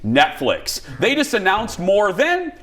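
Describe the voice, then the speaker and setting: A man hosting a talk show in a studio, chatting and joking in an animated way. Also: slow pace, crowd noise. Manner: animated, joking, swoops between high and low. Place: TV studio with live audience. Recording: studio audience and room noise behind.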